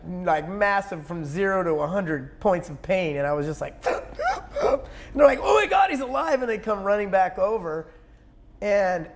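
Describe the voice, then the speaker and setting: A man with a notably high voice tells a personal story as a guest in a conversation. He rushes through it intensely and breaks into sudden loud outbursts. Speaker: interview guest.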